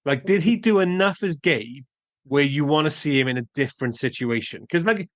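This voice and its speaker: A man's voice: fairly high pitch, animated, brisk, fairly bright tone, no echo. A man co-hosting a casual film podcast, reading out trivia and adding dry asides. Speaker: podcast co-host.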